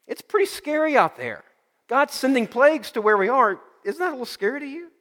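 A man's voice: high voice, lively intonation, normal speed, a bit bright, long reverb tail. A man voicing a nervous father who frets and stammers over his worries. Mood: anxious. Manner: fretful, stammering worry. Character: nervous, anxious grown father.

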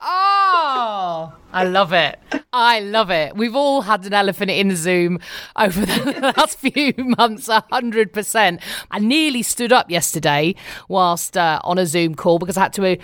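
A woman's voice: unhurried, clean tone, dry recording, clean studio sound. A woman co-hosting a podcast in bubbly, casual chat, laughing often. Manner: bubbly, laughs often, lively swings in pitch. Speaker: podcast co-host.

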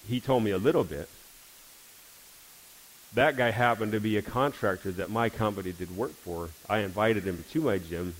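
A man's voice: lowish voice, normal speed, poor audio. A man giving a church testimony, telling a story and acting out the dialogue. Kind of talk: testimony sermon.

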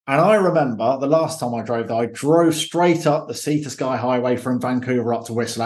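A man's voice: mid-range voice, moderate pace, few pauses. Chatty male podcast host. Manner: chatty and friendly. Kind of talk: casual interview chat.

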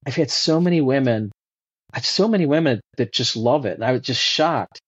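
A man talking as a podcast guest in a casual, animated way, with many fillers and restarts. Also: medium pitch, moderate pace, breathy edge, no echo. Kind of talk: casual conversational interview. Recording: dull lo-fi dry sound.

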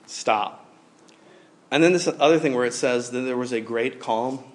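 A man in his forties preaching a sermon in a casual, animated way, with lots of fillers as he tells stories. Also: medium pitch, a little fast. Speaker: pastor. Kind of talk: conversational sermon.

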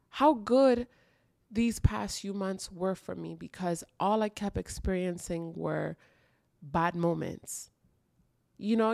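Slow, earnest woman podcaster. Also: mid-range voice, darkish tone, dry recording, clean studio sound. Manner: emotional, earnest, repeats phrases for emphasis. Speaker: podcast host. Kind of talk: intimate confessional podcast monologue. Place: dark room at home.

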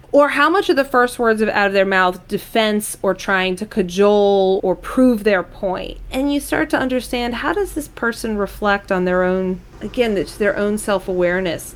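A middle-aged woman being interviewed about sales hiring, telling stories with lively acted-out quotes. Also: medium pitch. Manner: animated storyteller, acts out quoted dialogue. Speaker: guest, sales hiring expert. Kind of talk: conversational interview.

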